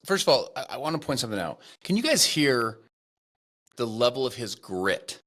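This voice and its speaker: A man's voice: medium pitch, big pitch swings, normal speed, a bit bright. A man hosting a podcast, talking enthusiastically and turning to address his listeners directly. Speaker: podcast host. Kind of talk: casual interview talk.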